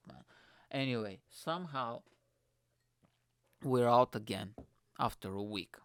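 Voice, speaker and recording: A young man rants through a story on his own show, swearing freely and laughing at himself. His voice is gravelly yet smooth, and the recording is dry and close. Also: medium pitch, animated, measured pace, pauses often, a bit bright, no echo. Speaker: podcast host. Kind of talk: casual storytelling rant.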